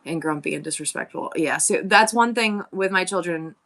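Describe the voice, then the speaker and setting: A woman's voice: on the low side, moderate pace, a bit bright. A woman in her forties hosting a live-selling stream, chatting candidly with viewers and rambling through her stories. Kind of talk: casual chat to live viewers.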